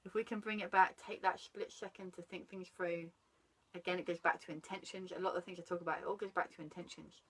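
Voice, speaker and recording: A woman's voice: fairly low pitch, fairly even intonation, fast talker, fairly bright tone, low-quality recording. A woman, chatting animatedly about parenting and breaking off to greet passers-by. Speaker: parenting guest. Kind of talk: casual chat about parenting.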